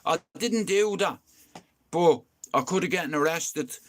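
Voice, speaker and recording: High-voiced man, rambling and profane. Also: unhurried. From Ireland. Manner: swears freely, rambling, punctuated by "you know what I mean". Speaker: live streamer. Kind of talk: casual storytelling to viewers.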